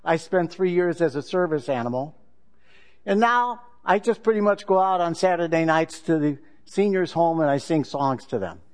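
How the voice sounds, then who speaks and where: Talking dog, male, boastful, matter-of-fact, a man doing it, high-pitched. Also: expressive, normal speed, close to an everyday voice.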